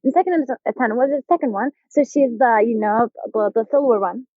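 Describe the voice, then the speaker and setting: A young adult woman from Turkey with a Turkish accent, a podcast guest telling an animated story and acting out the people in it. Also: on the high side, brisk, dry recording. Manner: animated, acts out quoted voices, laughs often. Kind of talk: casual interview storytelling. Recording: tinny phone-like line, dry.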